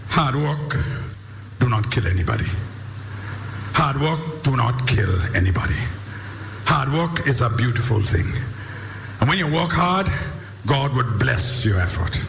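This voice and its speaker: A man giving an emphatic, preacher-like motivational speech, swinging between booming lines and low ones. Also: big pitch swings, unhurried, gravelly, long pauses, a bit bright, roomy sound, long reverb tail, soft background music. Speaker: motivational speaker.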